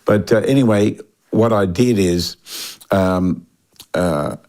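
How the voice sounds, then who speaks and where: An older Australian man in a relaxed interview, his voice sitting a little low. He tells long stories with restarts and lively quoted voices. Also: slow pace. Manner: animated storyteller, acts out quoted voices, frequent restarts. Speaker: guest musician.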